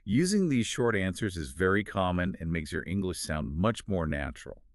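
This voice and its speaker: A man's voice: sits low, animated, normal speed, dry recording, clean studio sound. A man co-hosting a scripted English lesson, explaining pronunciation step by step. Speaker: English teacher co-host. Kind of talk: scripted language lesson dialogue.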